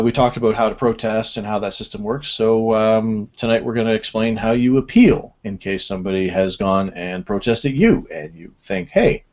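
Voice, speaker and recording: A man hosting a casual web radio show, rambling and self-deprecating as he runs through the segments. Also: on the low side. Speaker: host. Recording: dull lo-fi audio.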